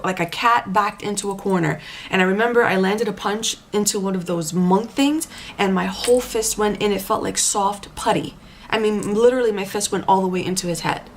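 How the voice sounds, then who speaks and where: A woman recounting a frightening dream experience in casual personal storytelling, animated and halting, with many restarts and repeated words. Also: medium pitch, slight background noise.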